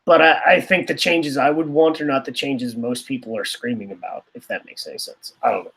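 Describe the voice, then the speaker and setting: A man's voice: medium pitch, fairly quick, creaky, a bit bright. A man co-hosting a podcast in casual chat, rambling and sarcastic, often trailing off. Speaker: podcast co-host.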